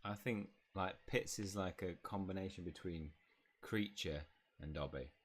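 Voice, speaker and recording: Playful let's-play host, low-pitched man, narrating and voicing characters. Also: measured pace. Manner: playful, voices each character in turn. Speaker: gaming channel host. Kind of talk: let's-play commentary, reading dialogue aloud.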